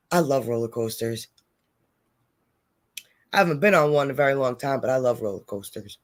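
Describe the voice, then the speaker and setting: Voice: mid-range voice, a little fast, long pauses. A livestream host chatting casually and reading out viewer comments.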